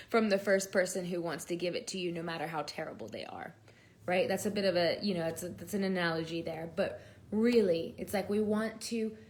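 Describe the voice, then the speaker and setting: A woman's voice: mid-range voice, darkish tone. A young pregnant woman teaching an online lesson in a chatty, earnest way, with many fillers and restarts, on a built-in mic. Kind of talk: casual talk-to-camera lesson. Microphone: built-in mic, no headphones.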